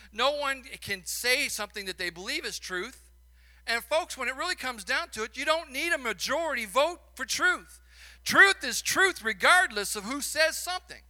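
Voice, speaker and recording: A man's voice: sits high, sharp tone. A man with a Chicago accent, a minister preaching a sermon and telling stories, building to emphatic peaks between folksy asides.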